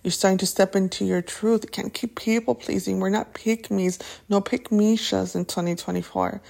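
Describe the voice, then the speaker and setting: A woman's voice: medium pitch, fairly even intonation, normal speed, vocal fry, darkish tone. A woman hosting a podcast, giving a casual motivational pep talk in a chatty, upbeat way, often tossing in "right?" and a few Spanish words. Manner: restarts and fillers, many "right?" and "okay?". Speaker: podcast host.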